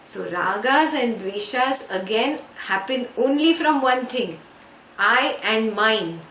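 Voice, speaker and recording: In a scripture class, a woman spiritual teacher unpacks Sanskrit words with slow patience, checking in often with "yeah?". She has a fairly high, animated, slightly bright voice. Faint background noise sits under the echoey room sound.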